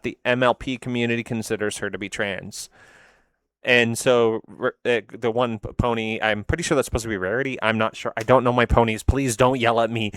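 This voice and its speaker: Guy rambling through memes, laughs a lot, mid pitch, dead dry mic. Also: smooth, dry recording. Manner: rambling, laughs often, self-deprecating. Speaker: host reacting to memes. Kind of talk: casual reaction commentary.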